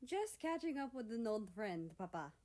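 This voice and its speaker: A man's voice: high voice, sing-song, normal speed, darkish tone, voice pushed up. A woman doing a sly Russian-accented young man. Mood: polite. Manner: smirking, playful, sly. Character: smug young male country personified, deep-voiced.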